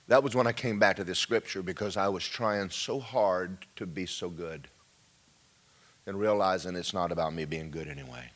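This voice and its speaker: A man preaching a testimony sermon, jumping from high loud cries to hushed whispers. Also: unhurried, long pauses.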